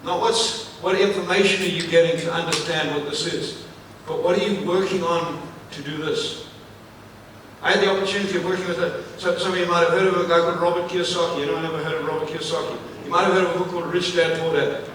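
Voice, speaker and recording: Male motivational speaker, high-pitched, punchy and repetitive, recorded from a distance in a big echoey hall. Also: quick pace, slight background noise. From Africa. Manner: energetic, repetitive, asks the audience questions. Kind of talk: live keynote speech to an audience. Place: large event venue, on stage. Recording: echoey hall, mic at a distance, faint ambience.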